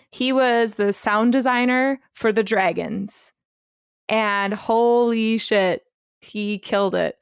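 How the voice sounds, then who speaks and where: A woman's voice: mid-range voice, clear, resonant tone, no echo, studio quality. A young woman co-hosting a podcast, talking casually in a gushing, emphatic way and swearing freely. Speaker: podcast co-host. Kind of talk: casual chat.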